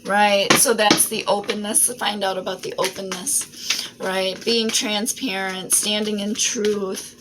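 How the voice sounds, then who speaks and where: A woman talking through a tarot reading at a slow, unhurried pace, rambling from thought to thought and checking in with "right?" She sounds like an everyday speaker with a mid-range voice. Clear background noise hums under her recording. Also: mid-range voice, steady tone. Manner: rambling, frequent "right?" and "um" asides. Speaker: tarot reader. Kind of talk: casual spiritual reading monologue. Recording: noisy home recording.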